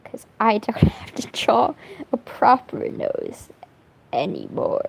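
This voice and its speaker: A woman's voice: a little high, wildly swooping pitch, slow pace, creaky, slightly rough, low-quality recording. A young woman chatting casually while drawing on stream, rambling and swearing, laughing often. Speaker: streamer drawing fan art.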